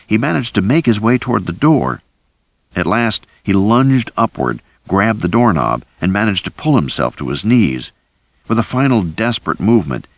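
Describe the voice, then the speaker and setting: Deep-voiced man narrating a thriller. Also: no room sound. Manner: deep, steady, lively delivery. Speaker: audiobook narrator. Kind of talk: scripted first-person narration.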